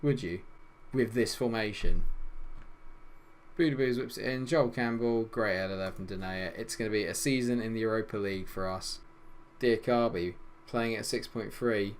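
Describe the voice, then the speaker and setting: A young man commentating on his football management game, swinging between loud exasperation and low grumbling. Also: steady tone, normal speed, slight background noise. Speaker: gaming YouTuber.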